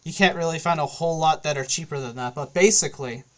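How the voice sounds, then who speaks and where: A man's voice: on the high side, fast talker, a bit bright. A man talking casually straight to the camera in a loose, rambling monologue full of fillers. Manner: loose, filler-heavy, often checks in with "okay?". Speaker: vlogger.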